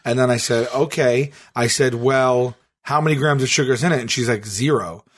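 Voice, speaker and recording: A man's voice: mid-range voice, fairly even intonation, a little fast, fairly bright tone. A man co-hosting a podcast, telling a long story in casual chat and acting out both sides of a phone call. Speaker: podcast co-host.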